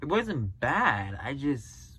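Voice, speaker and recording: A man's voice: mid-range voice, big pitch swings, slow, bright, forceful tone, slightly rough. A man hosting a reaction video, sounding tired and yawning, talking hesitantly with sighs and trailing sentences. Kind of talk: casual reaction commentary.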